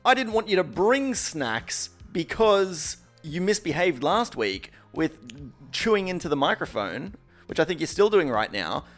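A man co-hosting a podcast, teasing and self-mocking in casual banter, with halting restarts. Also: fairly high pitch, very animated, soft background music. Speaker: podcast co-host.

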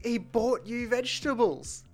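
A podcast co-host in casual chat, reacting quickly and laughing along with the stories. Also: medium pitch, expressive, a little mellow, faint music behind.

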